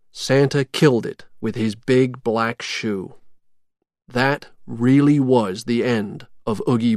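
A narrator reading a simple storybook clearly and expressively. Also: mid-range voice, dry recording, studio quality. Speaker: audiobook narrator. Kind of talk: graded reader storybook narration.

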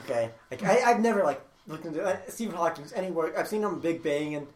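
High-voiced young man telling a story animatedly. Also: fast. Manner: animated storytelling, laughs while talking. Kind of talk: casual chat. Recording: roomy, distant mic, crowd noise.

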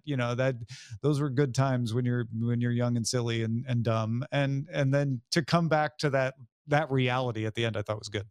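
A man hosting a relaxed talk about a TV series, thinking aloud and often restarting his sentences. His voice sits at an ordinary pitch. It is recorded dry and close, with no room sound. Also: moderate pace, no echo. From United States. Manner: thoughtful, hesitant restarts. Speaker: podcast host. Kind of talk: casual discussion of a TV series.

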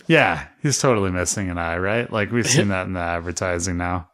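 A man's voice: sits low, brisk, a bit bright. A young man in casual podcast chat, rambling with lots of "like" and "you know". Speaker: podcast co-host.

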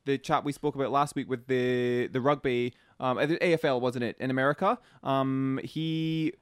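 A man's voice: mid-range voice, steady tone, moderate pace, clean tone, dry recording, studio quality. A man co-hosting a podcast, talking in a chatty, thoughtful way with frequent ums. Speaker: podcast co-host. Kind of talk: casual podcast chat.

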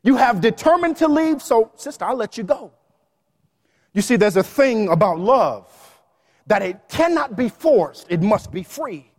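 A man preaching a sermon in a lively, playful way, with quick asides and bits of song. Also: high voice, long reverb tail. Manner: animated preaching with playful asides and sung snippets.

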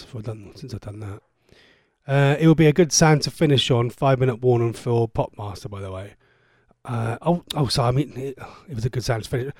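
A man's voice: on the high side, very animated, brisk, darkish tone, no room sound, studio quality. A man presenting a radio show, chatting casually and cheekily, rambling and stumbling over his words as he reads out listener messages. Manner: chatty, cheeky and rambling, with frequent stammered restarts. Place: radio studio.

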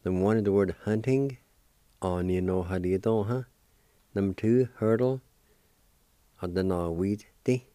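A man hosting a radio language lesson, spelling out words and repeating each one slowly and patiently. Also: lowish voice, warm tone, clear, resonant tone, no room sound. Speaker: language teacher and radio host.

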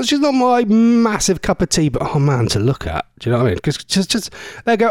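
A man's voice: sits high, sing-song, fairly quick, hardly any pauses, no echo, clean studio sound. A man with a strong Norfolk accent hosting a casual radio show, bantering with listeners in a jokey, mock-indignant, rambling way. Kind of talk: casual radio chat reading listener messages.

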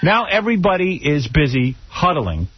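A man's voice: on the high side, sing-song, normal speed, breathy edge. A male radio host telling a self-mocking, complaining comic story in casual banter. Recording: slightly muffled radio broadcast.

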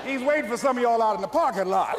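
A man giving a lively, folksy motivational speech to a live audience, telling a story with punchy delivery. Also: very high voice, fast, in a large hall, very noisy. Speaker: motivational speaker.

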